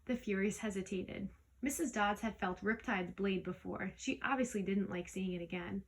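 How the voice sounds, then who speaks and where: A woman reading a storybook aloud in the first person, lively, with small slips that she corrects as she goes. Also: mid-range voice, moderate pace, low-quality recording. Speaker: audiobook reader. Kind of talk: storybook read-aloud narration.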